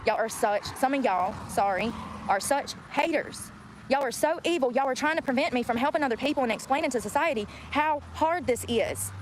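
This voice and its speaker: Standing by a road with traffic clearly audible, she vents at the camera using crude, blunt language. She talks a little fast, and her high-pitched voice is expressive.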